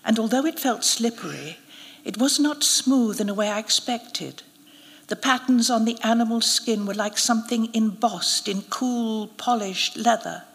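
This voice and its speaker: A woman's voice: a little high, vocal fry. Woman reading a story aloud in a hall. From United Kingdom. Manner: measured, expressive storytelling. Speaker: narrator, actress. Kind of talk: live reading of a short story. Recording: reverberant hall at a live event.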